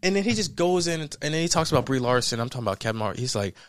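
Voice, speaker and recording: A young man hosting a podcast, telling a story in an animated, laughing way and acting out the people in it. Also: medium pitch, racing, no room sound, clean studio sound. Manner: animated, laughing often, acts out quoted people. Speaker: podcast host. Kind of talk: casual storytelling chat.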